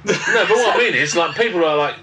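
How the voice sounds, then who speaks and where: A man's voice: high-pitched, animated, quick pace, pushed and bright. A man co-hosting a casual podcast who rambles and thinks aloud as he asks his questions. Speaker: podcast co-host. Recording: distant mic with clear hiss.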